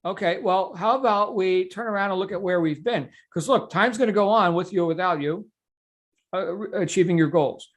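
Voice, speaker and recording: A man's voice: high voice, fairly quick. A middle-aged man, coaching on a motivational call. He talks emphatically, repeats words and often checks in with "right?".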